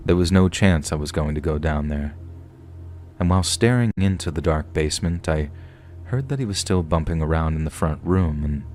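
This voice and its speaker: A man reading a scripted first-person horror story in a steady, plain storytelling manner. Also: rumbling low, moderate pace, a little hiss or hum.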